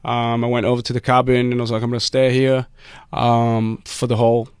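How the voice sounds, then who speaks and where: A man's voice: medium pitch, monotone, brisk, a little mellow, smooth. Laid-back man chatting. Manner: laid-back, rambling, with many ums and likes. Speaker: guest singer. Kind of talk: casual interview chat.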